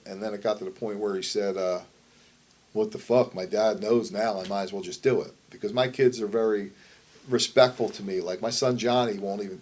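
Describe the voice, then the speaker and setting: With a fairly low, somewhat mellow and husky voice, a middle-aged man, a wrestler and promoter, recounts a story during a shoot interview. His delivery is blunt and rambling, packed with constant profanity.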